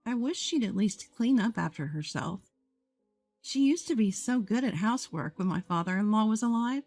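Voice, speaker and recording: A woman narrating a first-person story in a calm, measured way. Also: fairly high pitch, dry recording. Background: faint music.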